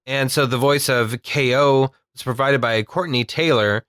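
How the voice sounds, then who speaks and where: Male podcast co-host, rambling and jokey, bright tone, dry close recording. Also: medium pitch, measured pace, clear, resonant tone, no room sound. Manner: jokey, rambling, laughs often. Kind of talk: casual chat.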